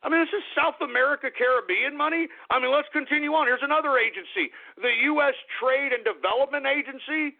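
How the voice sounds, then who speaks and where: A man's voice: very high voice, fast, vocal fry, few pauses. A man hosting a political commentary show, reading items aloud and ranting about them with exasperated, sarcastic asides. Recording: tinny phone-like line.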